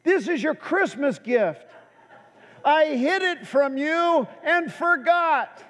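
A man voicing his sentimental middle-aged wife, calling out excitedly in a high, shrill put-on voice. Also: slow pace, full character voice. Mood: doting. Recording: echoey hall.

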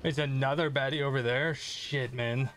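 A man's voice: mid-range voice, fairly even intonation, normal speed, a bit bright, slight background noise. A man streaming a video game, chatting casually with viewers in a rambling, self-deprecating way and swearing at the game. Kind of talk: casual gameplay commentary.

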